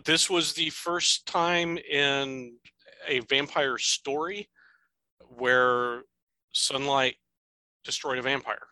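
A man's voice: medium pitch, steady tone, takes it slowly, bright, forceful tone, dry recording, rough recording. A man co-hosting a podcast, talking casually about an old film in a thoughtful, rambling way. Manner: thoughtful, rambling, with fillers and restarts. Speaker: podcast co-host.

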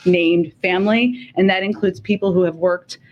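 A woman giving formal farewell remarks at a press briefing, halting and full of fillers as she holds back emotion. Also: on the low side, fairly even intonation, dull audio, slight background noise.

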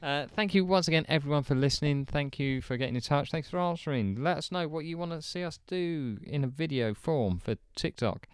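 A man's voice: fairly high pitch, a little fast, few pauses, clear, resonant tone, dry recording. A man hosting a podcast, chatting in a rambling, friendly way and correcting himself as he goes. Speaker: podcast host. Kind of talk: casual podcast sign-off.

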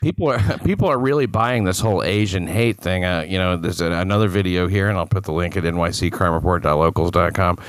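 A man's voice: low voice, quick pace, hardly any pauses, smooth. A man guesting on a podcast, reading crime news aloud with dry, sardonic asides in casual banter.

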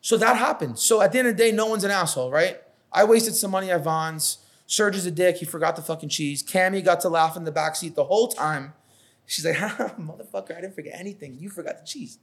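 Brief: thirties male business owner, sweary, animated raconteur, slightly high voice. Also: brisk. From New York. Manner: profane, animated storytelling, acts out quotes. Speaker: catering business owner, podcast guest. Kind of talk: casual podcast conversation.

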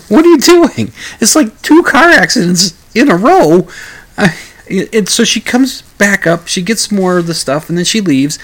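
A man's voice: a little high, a bit bright. A man hosting a talk radio show, telling a story in a rambling way, with stammered restarts and chuckling asides. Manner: acts out quoted lines in a raised voice.

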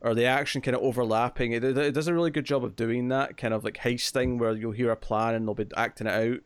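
A man co-hosts a relaxed comic book podcast. He cracks jokes and walks through the plot in long stretches. His voice sits at a middle pitch and is recorded dry and close. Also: fast, clean tone, no room sound. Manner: jokey, recaps plots at length. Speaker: podcast co-host. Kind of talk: casual comic book discussion.

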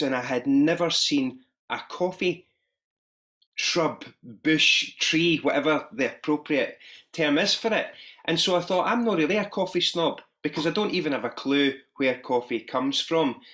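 A man's voice: on the high side, a little slow, fairly bright tone. Glaswegian man on a video call. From Scotland, Ayrshire. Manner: friendly, self-deprecating, restarts words. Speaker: pastor and social enterprise founder. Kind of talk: conversational talk on an online panel.

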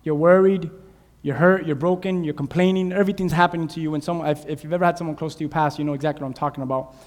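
A man preaching a sermon, animated, acting out shouted voices from Bible stories. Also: a little high, very fast. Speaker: pastor. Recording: long hall reverb.

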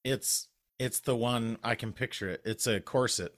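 A man's voice: medium pitch, moderate pace, fairly bright tone, dry recording. A man co-hosting a podcast in casual, teasing chat, talking loosely with lots of fillers. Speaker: podcast co-host.

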